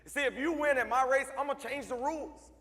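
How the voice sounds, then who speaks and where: A man's voice: very high voice, fast, sharp tone. A man giving a motivational speech to a student audience, joking and talking straight to the crowd in punchy bursts. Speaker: motivational speaker. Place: large hall at a school assembly. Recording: long hall reverb.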